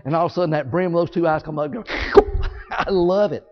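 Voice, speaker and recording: A man preaching a sermon as a story, animated and folksy, acting out scenes with sound effects. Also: on the high side, fairly quick. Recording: echoey hall, dull sound.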